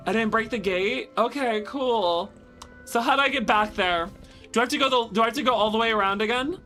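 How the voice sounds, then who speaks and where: Bright-voiced woman streamer, loud outbursts. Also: on the high side, fairly quick, soft background music. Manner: loud, exasperated, swearing outbursts. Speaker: VTuber streamer. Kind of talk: gaming livestream commentary.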